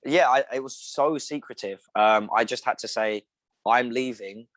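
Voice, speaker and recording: A man's voice: medium pitch, moderate pace, dry recording. A young man, an actor from England, chatting as a podcast guest and telling anecdotes with acted-out quotes. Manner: animated storyteller, acts out quoted voices. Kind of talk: casual interview chat.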